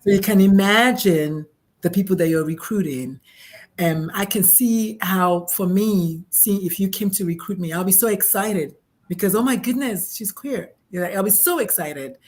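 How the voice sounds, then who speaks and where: Excitable woman podcast host. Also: medium pitch, moderate pace. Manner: excitable, animated, lots of restarts and quoted voices. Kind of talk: casual chat.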